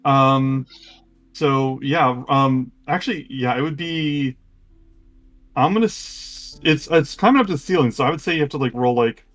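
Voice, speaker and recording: A man runs a tabletop game and narrates the scene in a mid-range voice. He keeps pausing on ums and restarting his sentences. His pace is relaxed and informal. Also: mid-range voice. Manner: halting, full of ums and restarts. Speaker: game master.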